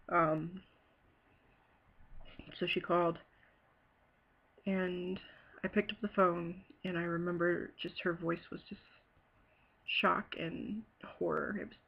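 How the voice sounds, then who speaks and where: A woman from Ohio telling a personal story in a halting, hesitant way, full of fillers and pauses. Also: on the low side, little pitch movement, vocal fry, husky, lo-fi sound. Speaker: bereaved sister telling her story. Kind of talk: personal testimony.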